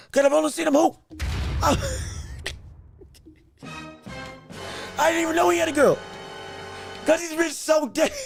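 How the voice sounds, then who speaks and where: This podcast host's voice is creaky and extremely high in pitch, captured in clean, echo-free studio sound. On his solo sports commentary show he speaks with lively, casual energy, frequently repeating words and breaking into laughter.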